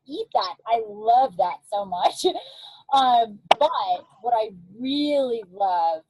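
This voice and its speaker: A woman's voice: a little high, very animated, slow, darkish tone, low-quality recording. A woman energy healer hosting a casual interview, talking emotionally and laughing often as she rambles. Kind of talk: casual video-call interview. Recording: faint background noise with clicks.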